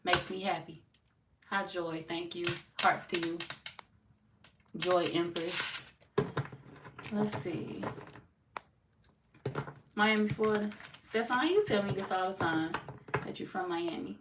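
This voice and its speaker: A woman tarot reader from Missouri, talking loosely to her live chat. She is blunt and joking and swears now and then. She sits back from the mic in an echoey room, with clear noise under her voice. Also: lowish voice, takes it slowly, pauses often, distant mic. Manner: blunt, playful, swears freely, laughs often. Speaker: tarot reader hosting a livestream. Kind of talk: casual livestream chat reading viewer comments.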